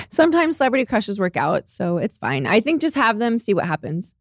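A woman's voice: mid-range voice, very animated, normal speed, no room sound, studio quality. A woman co-hosting a podcast in casual chat, breezy and emphatic, swearing casually, and also reading ads. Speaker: podcast co-host.

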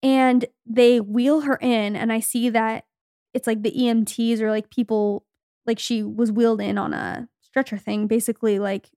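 A woman's voice: a little high, normal speed, no echo, clean studio sound. Chatty young woman telling stories. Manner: chatty storytelling, quoting people in a lively voice. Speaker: podcast co-host. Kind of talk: casual chat.

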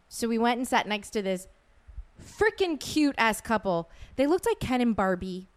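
A woman co-hosting a podcast who tells a travel story in lively casual chat, laughing and acting out the voices of people she quotes. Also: on the high side, normal speed, clean tone. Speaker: podcast co-host.

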